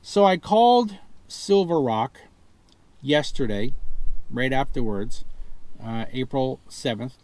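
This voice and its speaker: A man's voice: mid-range voice, animated, slow, long pauses, a little mellow, dry recording. A man telling a frustrated story about a car purchase gone wrong and mimicking the people he quotes. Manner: exasperated, retelling a phone ordeal with rising indignation. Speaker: customer reviewing a car purchase. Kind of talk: casual complaint story vlog.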